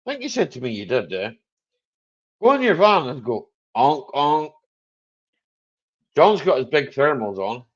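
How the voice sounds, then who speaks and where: A man's voice: mid-range voice, sing-song, brisk, dull audio. A man hosting a casual live chat stream, jokey and rambling, chuckling often.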